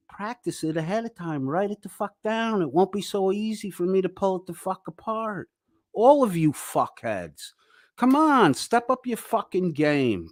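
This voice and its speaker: A man's voice: high-pitched, no room sound, clean studio sound. A man hosting a reaction commentary, ranting angrily and mocking with heavy swearing. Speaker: commentary channel host.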